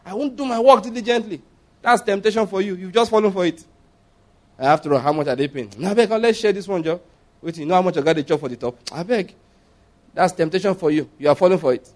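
A middle-aged Nigerian man preaching at a Bible study, chatty and lively, with laughing asides. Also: high-pitched, quick pace. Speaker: pastor.

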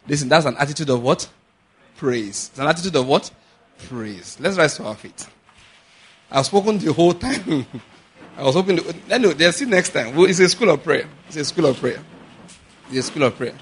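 A man's voice: on the high side, moderate pace, husky. A man preaching a sermon as pastor, slipping into pidgin asides and acting out little scenes. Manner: animated preaching with pidgin asides and acted-out quotes.

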